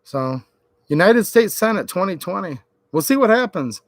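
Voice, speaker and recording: A man's voice: high-pitched, very animated, normal speed, dry recording. A man from Michigan ranting sarcastically on a late-night political livestream. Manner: ranting, sarcastic, mocks senators in quoted voices. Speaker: political YouTuber.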